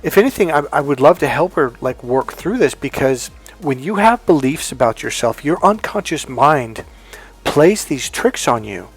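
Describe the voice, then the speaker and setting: Animated male relationship coach. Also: on the high side, moderate pace, breathy edge, faint music behind. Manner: animated, acts out both sides of dialogues; frequent restarts and self-corrections. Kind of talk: casual teaching monologue.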